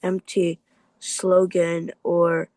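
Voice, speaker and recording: A young man reads a passage aloud in class and stumbles over the long words. His pace is very slow and full of pauses. The sound is dry and close, with no room echo. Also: high voice, completely flat delivery, darkish tone. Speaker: student reading aloud. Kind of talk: halting reading aloud.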